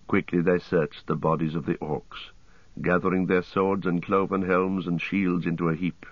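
Male narrator, storybook reading, measured, very low voice, slightly muffled audio. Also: level tone, no echo.

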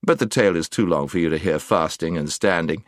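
A man's voice: deep voice, a little fast, no room sound, studio quality, natural voice. A man voicing a hearty, courtly knight in an audiobook, with a boastful manner. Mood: grandiose. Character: grandiose laughing male knight, courtly. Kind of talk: audiobook character voice.

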